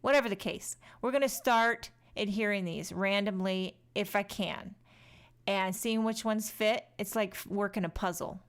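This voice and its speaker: A woman's voice: mid-range voice, moderate pace. A woman in her thirties chatting through a craft tutorial voice-over, joking and talking straight to viewers. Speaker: card-making crafter.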